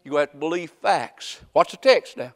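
A man preaching a folksy sermon that swings from quiet talk up to shouting. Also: a little high, lively intonation, a little fast.

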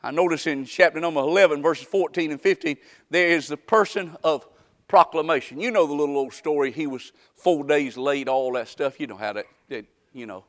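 Male preacher, high bright tenor, homespun sermon with shouted peaks. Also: a little fast. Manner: folksy Southern preaching, rising to shouts.

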